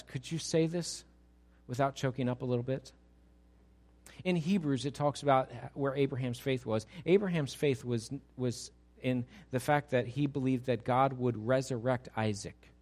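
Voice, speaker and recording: A middle-aged man preaching a sermon as pastor, animated and full of rhetorical questions to his congregation. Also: mid-range voice.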